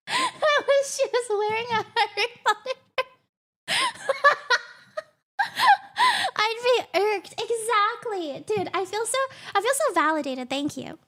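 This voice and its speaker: A streamer in her twenties with a very high voice tells her chat about a grievance, getting worked up and dramatic as she rambles. She swears casually and keeps circling back to her point. Her tone is bright and sharp. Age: 20s. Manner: dramatic, rambling, exasperated, swears and laughs often. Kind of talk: casual livestream rant to chat.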